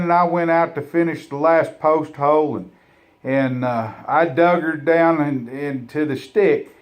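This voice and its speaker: A man telling a funny folksy story, rambling with halting restarts. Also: fairly high pitch.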